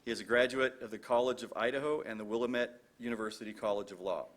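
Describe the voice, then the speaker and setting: A man's voice: medium pitch, fairly even intonation, fast. A man announcing at a graduation ceremony, reading award and speaker introductions from a script at a podium microphone, with a few stumbles. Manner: formal, read from script, some stumbles.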